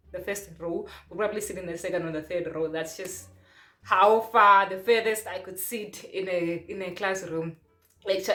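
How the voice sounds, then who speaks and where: Young woman vlogging in an echoey room. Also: lowish voice. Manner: chatty, searches for words aloud. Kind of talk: casual vlog chat to camera. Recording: roomy echo.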